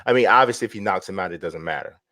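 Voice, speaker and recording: A man's voice: low voice, rapid-fire, pushed and bright, no echo, studio quality. A man co-hosting a casual boxing chat, rambling and restarting his sentences, often laughing. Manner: rambling, laughs a lot, self-interrupting. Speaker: boxing podcast co-host.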